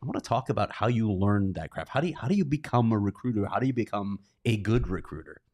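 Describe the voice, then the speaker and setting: A man with a fairly low voice hosts a sports interview. He asks questions in an easy, friendly way and laughs lightly as he goes along. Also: lively intonation, fast talker, dark tone. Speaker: show host.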